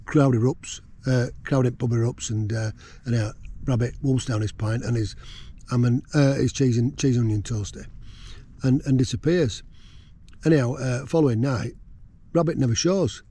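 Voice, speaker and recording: A man's voice: mid-range voice, steady tone, normal speed, warm tone, slightly rough. A man chatting casually from his tent while wild camping, rambling with lots of fillers. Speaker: vlogger. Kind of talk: casual outdoor chat. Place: tent on a windy hill.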